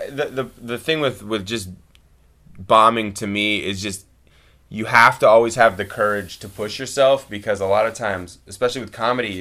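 Guy with a lowish voice, stand-up comic riffing on gig stories, acts out lines and laughs a lot. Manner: animated storyteller, acts out quotes, laughs often. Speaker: stand-up comedian guest. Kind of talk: casual chat, storytelling.

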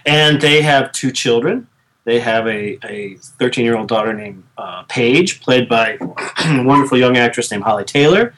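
A man in his thirties co-hosts a podcast in casual chat. He rambles, restarts often and laughs easily. His voice sits at an ordinary middle pitch. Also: animated, moderate pace, a bit bright. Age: 30s. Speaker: podcast co-host.

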